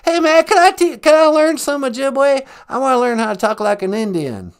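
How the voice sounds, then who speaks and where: A man's voice: extremely high pitch, expressive, moderate pace, smooth, pitched above the performer's own voice. A man voicing a laid-back, folksy Texan former president with a put-on drawl and slangy talk. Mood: teasing. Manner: drawling, slangy, calls people man and boy.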